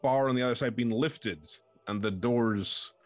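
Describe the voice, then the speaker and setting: A man's voice: medium pitch, measured pace, no echo, faint music behind. A man narrating as game master in a tabletop game, hesitant and full of ums.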